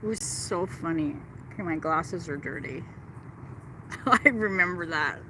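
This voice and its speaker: A middle-aged woman livestreams casually from a park, walking with a phone in hand while she chats and gushes in reply to her viewers. Her voice sits fairly low and moves at a measured pace, with noise in the background.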